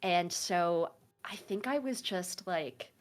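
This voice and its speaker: A woman in her twenties from Oregon speaks slowly in a lowish voice, with faint music behind her. Appearing as a guest, she is a tabletop game master and streamer chatting casually about running games, full of fillers and self-deprecating asides.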